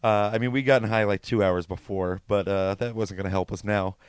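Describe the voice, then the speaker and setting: A man's voice: fairly low pitch, steady tone, a little fast, clear, resonant tone, no echo, studio quality. A man co-hosting a podcast, telling concert stories in a casual, profane chat and laughing easily. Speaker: podcast co-host.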